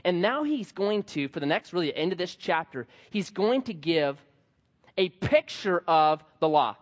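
This pastor, a man in his thirties, speaks high and at a measured pace while delivering a sermon full of animated stories, voicing each character himself. The sound is dull, with long reverb from the hall.

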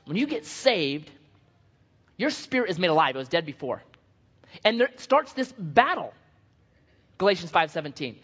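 A man preaches in a church sanctuary, his voice a touch high and very lively, swinging from loud bursts to hushed asides. The sound is a little dull and lo-fi. A long hall reverb trails behind his words. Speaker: pastor. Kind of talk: sermon.

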